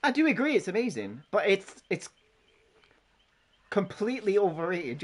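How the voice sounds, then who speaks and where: A man's voice: high voice, very animated, moderate pace, pauses often. A man casually chatting on a gaming live stream, joking, swearing and laughing often as he banters with friends and chat.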